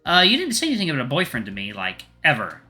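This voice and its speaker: A man's voice: medium pitch, huge pitch swings, fast talker, pushed and bright, soft background music, voice pushed up, heavily acted. A man voicing a tired, blunt young woman who is a med student, in a visual novel read-aloud. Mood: dry. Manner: blunt, sarcastic.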